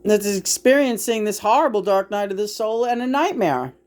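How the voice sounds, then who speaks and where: A woman's voice: medium pitch, lively intonation, moderate pace, darkish tone. A woman giving a casual monologue in a profane, emotional rant. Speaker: vlogger.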